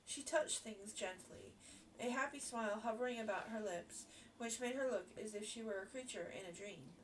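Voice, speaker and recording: A woman reading a classic novel aloud in a gentle, measured way, with the odd small restart. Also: on the high side, distant mic, slight background noise. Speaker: storybook reader.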